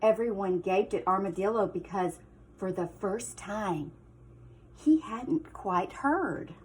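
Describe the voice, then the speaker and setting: A woman teacher reading a picture book aloud to children, with expressive storytelling and hushed asides. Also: medium pitch, takes it slowly, breathy edge.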